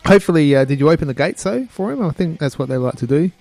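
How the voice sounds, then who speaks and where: Australian man, radio host, gravelly, slightly high voice, laid-back banter, faint music behind. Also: expressive, fast, a little mellow, no room sound. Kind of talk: casual radio chat. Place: radio studio.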